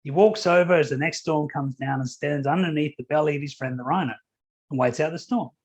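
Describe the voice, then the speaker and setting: A man's voice: fairly high pitch, a little fast, darkish tone. Upbeat man giving a keynote talk. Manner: conversational storytelling with fillers. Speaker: keynote speaker. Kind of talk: motivational conference talk.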